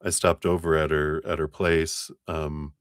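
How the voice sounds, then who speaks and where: A man's voice: rumbling low, level tone, a little slow, no room sound, studio quality. A man giving a casual live tarot reading, chatting, storytelling and laughing often. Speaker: tarot reader on a live stream.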